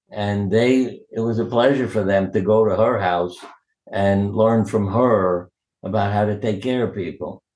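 An older man with a lowish voice tells personal stories as an interview guest. He is warm and anecdotal, easing into each tale. The sound is roomy, with a clear echo around him. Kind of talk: storytelling in conversation.

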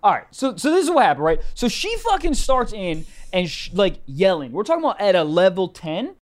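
Animated, profane male podcast storyteller. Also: high voice, fairly quick. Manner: animated, profane, acts out quoted voices. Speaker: podcast co-host. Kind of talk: casual storytelling chat.

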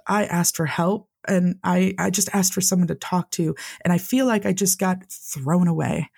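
Male interview guest, gravelly, earnest and candid, heavy on "like" fillers. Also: high-pitched, moderate pace, few pauses, darkish tone. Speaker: interview guest, Navy veteran. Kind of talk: candid personal storytelling.

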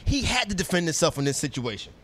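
A man's voice: on the high side, very animated, fast talker, fairly bright tone. A man in casual sports talk, emphatic and slangy, riffing on a football fight.

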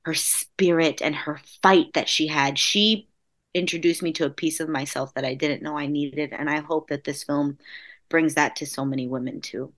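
A woman with a lowish voice speaks as an interview guest, telling heartfelt stories with feeling. She acts out other people's lines as she goes. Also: fairly even intonation, moderate pace, fairly bright tone. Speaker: actress guest. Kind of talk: emotional storytelling in an interview.

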